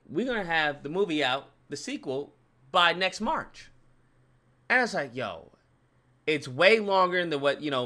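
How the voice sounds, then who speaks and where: A man's voice: on the high side, sharp tone. A young man hosting his channel, ranting with profane, exasperated commentary and mocking voices. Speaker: channel host.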